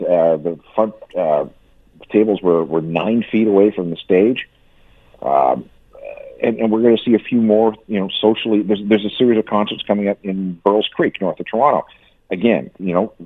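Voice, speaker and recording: Deep-voiced man on a tinny phone line. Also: no echo. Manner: stammering, repeats words, animated. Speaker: music industry commentator. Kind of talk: phone-in radio interview. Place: lives in Canada.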